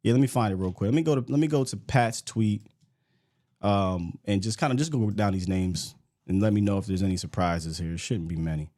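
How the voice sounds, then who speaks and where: A man hosting a casual sports talk show, blunt and animated, slangy, sometimes reading names off a list. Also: on the low side, fairly quick. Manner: blunt, animated, slangy, reads lists aloud. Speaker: sports podcast host.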